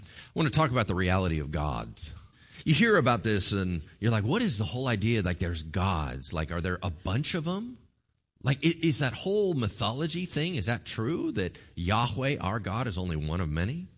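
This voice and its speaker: Animated, lively male preacher. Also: mid-range voice. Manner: animated, jokey, acts out quotes. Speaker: pastor. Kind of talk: sermon.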